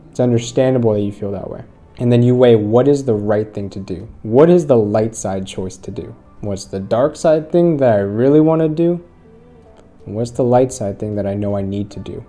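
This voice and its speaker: Earnest man with a very dark voice. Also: lowish voice, moderate pace, faint music behind. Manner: earnest, storytelling, addresses viewers directly. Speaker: host. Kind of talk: motivational commentary.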